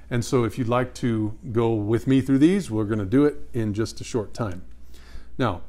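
A man teaching a Bible study. He reads scripture slowly and with emphasis and puts questions to his listeners. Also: medium pitch, darkish tone.

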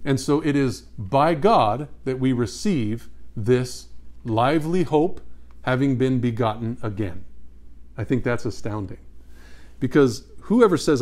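A man teaching a Bible study. He reads scripture slowly and with emphasis and puts questions to his listeners. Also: mid-range voice, expressive, a little mellow.

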